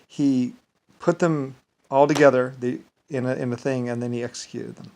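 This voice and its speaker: A man telling a story in a rambling casual monologue, full of halting restarts and repeated filler words. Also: mid-range voice, fairly even intonation, vocal fry, a little mellow, a little hiss or hum, rough recording.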